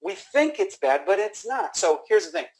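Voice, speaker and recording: A man giving an energetic sales training talk, acting out phone dialogue with frequent restarts. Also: sits high, normal speed, poor audio. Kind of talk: instructional talk.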